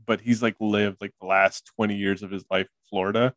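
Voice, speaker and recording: A man's voice: fairly low pitch, flat delivery, a little fast, fairly bright tone, no room sound. Young male podcast host, loose filler-heavy banter, close dry mic. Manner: laughing, filler-heavy, rambling. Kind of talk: casual movie podcast chat.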